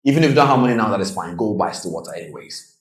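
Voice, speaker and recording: A man coaching traders in a motivational presentation, telling stories with lively delivery and acting out the people in them. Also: fairly low pitch, rapid-fire, reverberant, rough recording. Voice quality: animated storytelling, acts out quoted voices. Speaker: trading coach.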